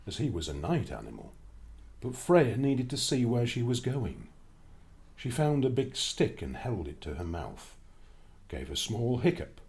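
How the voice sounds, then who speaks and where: A man narrating a children's storybook with an expressive, lively reading. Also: medium pitch.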